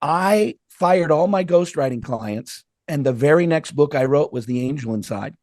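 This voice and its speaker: A middle-aged man telling stories as a guest author in a podcast interview, lively and acting out the voices of people he quotes. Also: a little high, normal speed, dry recording, clean studio sound. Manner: animated, acts out quoted voices.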